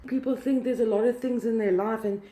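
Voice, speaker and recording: A woman's voice: on the high side, steady tone, brisk, dark tone. A woman giving a casual devotional talk, earnest and emphatic, repeating key words. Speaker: Christian vlogger.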